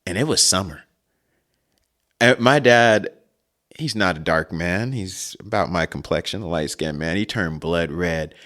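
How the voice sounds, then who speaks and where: Podcast host, man in his forties, lowish voice, rambling and chuckling storyteller. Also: measured pace, a bit bright. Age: 40s. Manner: rambling, chuckling, frequent asides. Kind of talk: casual storytelling.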